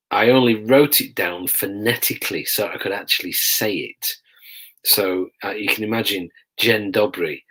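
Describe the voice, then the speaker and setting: A middle-aged man talks to his viewers in a loose, rambling chat. His voice sits a little low, and he keeps pausing to explain himself. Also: a bit bright. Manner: chatty, rambling, pauses to explain phrases. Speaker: police custody sergeant.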